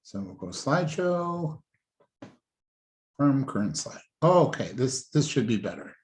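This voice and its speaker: A man's voice: medium pitch, sing-song, measured pace, darkish tone. A man hosting a webinar, chatting casually and apologizing while he fixes the video. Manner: apologetic, fumbling with the slides. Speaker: webinar host. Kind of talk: casual chat.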